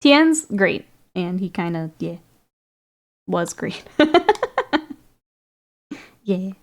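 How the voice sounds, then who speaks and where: A woman's voice: on the low side, animated, extremely slow. A woman streaming while painting miniatures, chatting casually with viewers, reading their comments and laughing often. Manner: chatty, laughs often, reads and answers chat.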